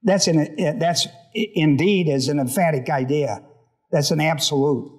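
A man's voice: a little high, unhurried, darkish tone. A male pastor reading scripture in a Bible study sermon, stopping often to put questions to his congregation.

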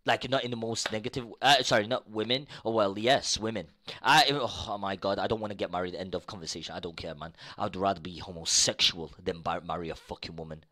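A young man live-streaming, ranting to his chat in casual talk, swearing freely and repeating himself, jumping between low mutters and loud outbursts. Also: steady tone, a little fast, hardly any pauses.

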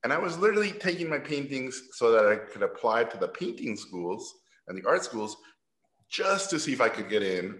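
A middle-aged man from Mexico telling stories at a talk, animated and laughing as he acts out the people he quotes. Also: lowish voice. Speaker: guest animator. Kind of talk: casual storytelling at a talk. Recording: roomy echo.

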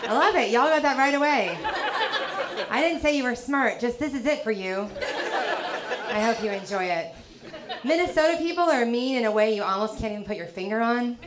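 A woman works a comedy club stage, her voice sitting a little high for a woman. She delivers dry, teasing lines into a handheld mic. Loud audience laughter rolls in around her from a lively club crowd. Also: moderate pace, long pauses. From American South. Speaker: stand-up comedian. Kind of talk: stand-up comedy set.

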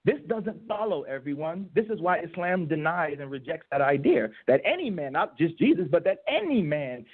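Husky-voiced man debating over a tinny line. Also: fairly high pitch, very animated, normal speed, few pauses. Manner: emphatic, repeats key phrases for stress. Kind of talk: debate rebuttal. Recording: tinny phone-line audio.

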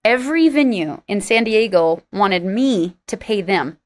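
Woman guest in an interview, candid and sarcastic storyteller, voices the people she quotes. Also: a little slow. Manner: animated, acts out quoted dialogue with big pitch jumps. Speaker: interview guest, singer-songwriter.

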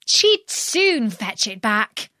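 A woman's voice: on the high side, big pitch swings, drawn-out words, pushed and bright, no room sound, studio quality, full character voice. Alice, an eager young girl, as a woman reads her. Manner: earnest, pleading. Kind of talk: storybook reading.

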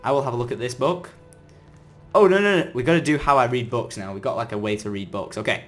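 A man giving chatty, excitable commentary as he plays a game, breaking into sudden loud outbursts. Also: mid-range voice, quick pace, soft background music. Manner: chatty running self-talk while playing. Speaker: gaming video creator. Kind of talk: let's-play gameplay commentary.

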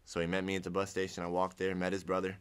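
A man's voice: low voice, monotone, fast, fairly bright tone, smooth. A young man from Ohio sharing his personal testimony in a casual, rambling way, restarting sentences and acting out what he once said. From Ohio, United States. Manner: rambling, restarts sentences, acts out his own past words.

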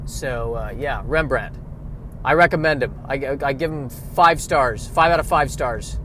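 A man hosting a solo comedic podcast, talking in a deadpan, self-deprecating, wandering way from inside a vehicle. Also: medium pitch, measured pace, noisy background. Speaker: podcast host. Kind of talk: rambling solo comedic monologue. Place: in a vehicle by the street.

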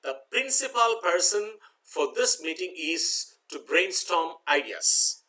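Man teaching vocabulary, bright voice. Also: high voice, lively intonation, rough recording. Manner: explains slowly, spells words letter by letter, repeats with "okay". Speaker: English teacher. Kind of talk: exam-prep vocabulary lesson.

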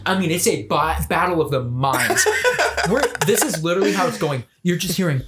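Podcast guy rambling through a wild made-up story, keeps cracking up, lots of loud noise in the recording. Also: fairly high pitch, expressive, brisk. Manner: rambling, escalating, often laughing mid-sentence. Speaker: podcast host. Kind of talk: crude comic storytelling among friends.

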